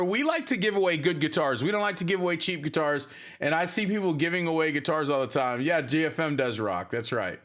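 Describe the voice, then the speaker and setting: Pitched on the higher side with a fairly bright tone, this man runs a casual band livestream. Reading viewers' comments aloud, he's chatty and meandering, his speech packed with fillers.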